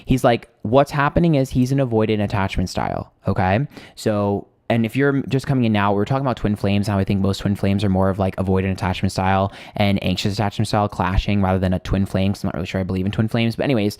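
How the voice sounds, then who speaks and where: Low-voiced chatty man telling a story. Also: a little mellow, dry recording, studio quality. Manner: chatty storytelling, swears freely, greets viewers. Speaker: livestream host. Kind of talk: casual livestream chat.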